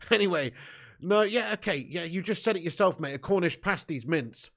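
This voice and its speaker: A man's voice: sits high, expressive, normal speed, a bit bright. A young man hosting a live football watch-along, bantering with chat, laughing often, swearing and calling everyone mate. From southern England. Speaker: fan channel host.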